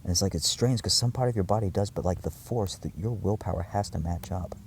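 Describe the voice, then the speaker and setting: A vlogger with a low, darkish voice speaks briskly to his viewers in an intense, wandering monologue. He swears often, uses many fillers, and keeps restarting sentences, with slight background noise behind him.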